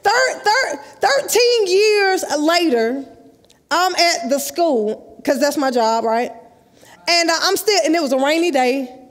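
A woman, telling a lively story in a sermon at a youth conference and acting out the dialogue. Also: extremely high pitch, slow pace. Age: 30s. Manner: lively, acts out dialogue, laughs often. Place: large church sanctuary, live. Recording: live church hall with long echo.

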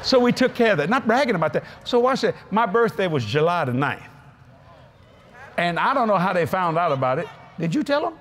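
Lively folksy preacher man. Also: high voice, brisk, a little hiss or hum. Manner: folksy, animated storytelling, frequent laughs. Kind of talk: storytelling sermon to a live audience. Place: convention stage.

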